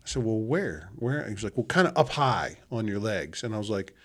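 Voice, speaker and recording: A man's voice: fairly low pitch, big pitch swings, a little fast, a bit bright, a little hiss or hum. Man, casual podcast co-host, storyteller who acts out dialogue. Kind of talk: casual chat.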